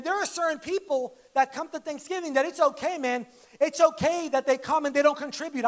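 A man's voice: extremely high pitch, a bit bright. A man preaching a sermon to his church in a conversational, joking way, acting out little quoted lines. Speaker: pastor. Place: church service.

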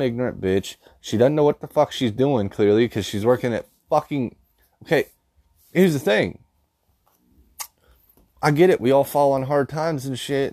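A man's voice: mid-range voice, a little mellow, dry recording, studio quality. Foul-mouthed man ranting. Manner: angry, heavy swearing, blunt. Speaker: vlogger. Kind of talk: profane storytelling rant.

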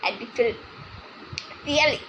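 A woman voicing a kindly old grandmother who lectures slowly and repeats her advice. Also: on the high side, a bit bright, slight background noise, low-quality recording. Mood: earnest advice. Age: older.

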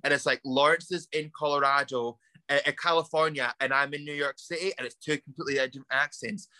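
A young Scottish man being interviewed as a drag performer, animated and quick to laugh, calling everyone "girl". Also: on the high side, no echo. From Scotland. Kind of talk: casual interview chat.

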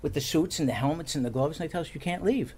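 A man's voice: a little high, rapid-fire, darkish tone, a little hiss or hum. A man who is a former police officer, hosting a talk show and telling stories with dry humor. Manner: dry, wry storyteller who takes calls.

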